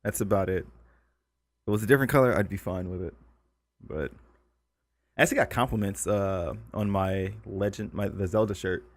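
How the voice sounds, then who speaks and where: A man's voice: low voice, moderate pace, pauses often. A young man co-hosting a podcast, telling stories in casual chat, swearing and laughing often. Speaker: podcast co-host.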